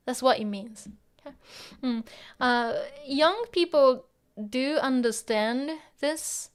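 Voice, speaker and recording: A woman's voice: on the high side, slow, clear, resonant tone. A woman teaching Japanese in a casual lesson, explaining in English with Japanese phrases mixed in, many fillers and frequent little laughs. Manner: laughs often while explaining.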